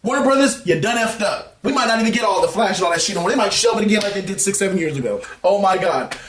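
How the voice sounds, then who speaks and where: A man giving a heated, exasperated movie review rant, laughing often and bursting into shouts. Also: high voice, quick pace, reverberant. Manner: animated, exasperated ranting with frequent laughs and sudden shouts.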